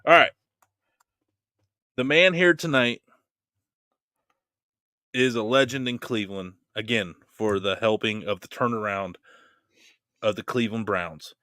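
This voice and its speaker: A man's voice: on the low side, a little slow, pauses often, no room sound, clean studio sound. A man hosting a casual podcast, telling jokey stories and hyping up his guest. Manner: joking, animated storyteller. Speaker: podcast host. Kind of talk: casual chat.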